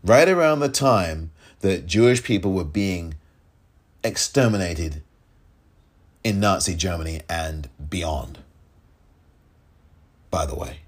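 A man's voice: deep voice, animated, slow, pauses often. A man hosting a solo political podcast, talking in an emphatic, exasperated way and repeating points for stress. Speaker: podcast host.

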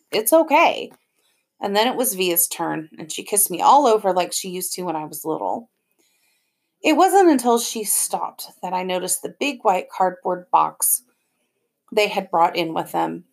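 A woman's voice: medium pitch, vocal fry. A woman narrating an audiobook in plain first-person storytelling. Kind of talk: scripted narration.

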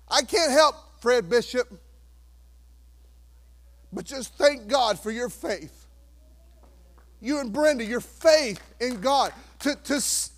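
A pastor with an unusually high male voice delivers an unhurried sermon, staying emphatic throughout and pressing the congregation with rhetorical questions. His pitch swings widely as he drops to near whispers and then rises to shouts.

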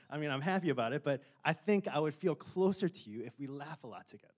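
A man's voice: fairly high pitch, expressive, quick pace, few pauses. A man in his forties preaching a casual sermon in a chatty, self-deprecating way, rising to impassioned questions at times. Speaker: pastor.

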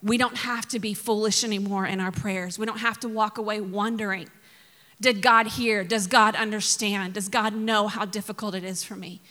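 A woman's voice: mid-range voice, fairly even intonation, normal speed, sharp tone, long reverb tail. A woman pastor from Mississippi preaching a sermon, telling funny stories with laughs and sudden emphatic bursts.

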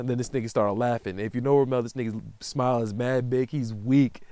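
A man, hosting a podcast and telling stories in a slangy, profane, animated way. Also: mid-range voice, a little fast, hardly any pauses, clean tone, no echo. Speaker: podcast host. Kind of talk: casual storytelling monologue.

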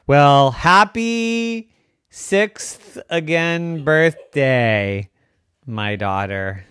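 A storyteller voicing an exasperated mother in a bedtime story, who swings between alarm and gentle coaxing. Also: medium pitch, wildly swooping pitch, measured pace, dry recording, studio quality, pitched above the performer's own voice, exaggerated voice. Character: exasperated mom.

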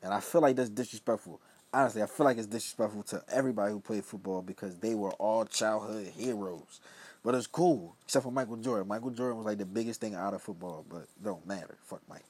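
Rambling young Philly man, low voice. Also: fast talker, a little mellow, breathy edge. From Philadelphia. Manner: loose, rambling, drops into low mumbled asides. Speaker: podcast host. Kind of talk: casual solo monologue.

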